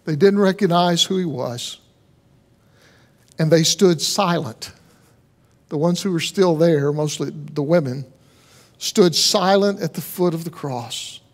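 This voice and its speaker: A man's voice: fairly high pitch, takes it slowly, long pauses. A man preaching a sermon as pastor, in an earnest, conversational way with rhetorical questions.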